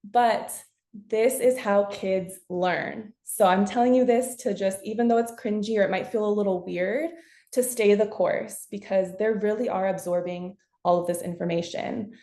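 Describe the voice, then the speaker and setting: Woman, parent-workshop presenter; warm, mellow tone, chatty and relaxed, recorded on a computer mic in a roomy, echoey space. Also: mid-range voice, moderate pace. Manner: casual and chatty, acts out example self-talk. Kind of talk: conversational webinar presentation. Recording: echoey room.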